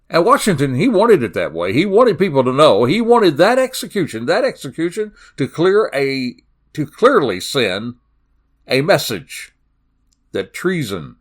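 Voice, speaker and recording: Southern guy hosting a crime podcast, folksy and dramatic, voice jumps up and down a lot. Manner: folksy, dramatic storytelling with sudden pitch swings. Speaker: podcast host. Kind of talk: true-crime podcast narration.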